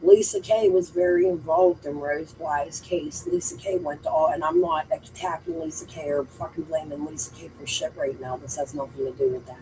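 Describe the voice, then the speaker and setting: A woman's voice: sits low, big pitch swings, normal speed, gravelly, hardly any pauses, mellow, slight background noise, poor audio. A woman hosting a true crime livestream, talking casually in a blunt, emphatic way and swearing often. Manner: blunt, heavily profane, emphatic. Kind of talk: casual chat.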